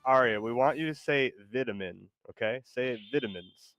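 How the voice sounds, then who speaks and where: A man's voice: medium pitch, brisk, a bit bright, soft background music. A man streaming a game and chatting casually, rambling with lots of likes and false starts. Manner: rambling, full of likes and restarts. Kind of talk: casual chat while gaming.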